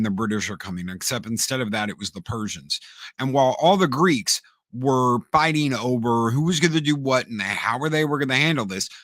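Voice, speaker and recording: A man co-hosting a casual podcast chat, an animated storyteller who repeats words and acts out quotes. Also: medium pitch, no echo, clean studio sound. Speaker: podcast co-host.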